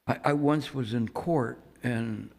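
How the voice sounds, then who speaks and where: A man gives a dharma talk at a very slow, unhurried pace, his voice rough with gravel. He tells his stories in a reflective, halting way, often restarting his sentences. His voice rings with a long echo in a reverberant hall. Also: medium pitch, darkish tone. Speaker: meditation teacher. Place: meditation center hall. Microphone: microphone on a stand.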